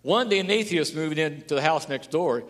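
A male pastor delivers a storytelling sermon in a slightly high voice. He climbs to loud, emphatic declarations, and the long reverb of a church hall trails each phrase. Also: animated, normal speed.

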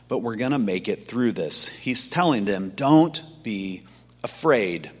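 A man preaching a sermon in a conversational, animated storytelling manner, acting out quotes from the stories he tells. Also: medium pitch. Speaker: pastor. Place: church sanctuary. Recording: long hall reverb.

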